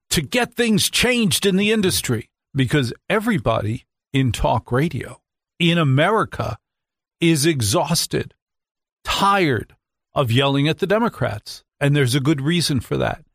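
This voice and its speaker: A man's voice: fairly high pitch, lively intonation, unhurried, a bit bright, no echo. A man hosting a nightly radio talk show, talking into a studio microphone with sarcastic, mock-outraged asides.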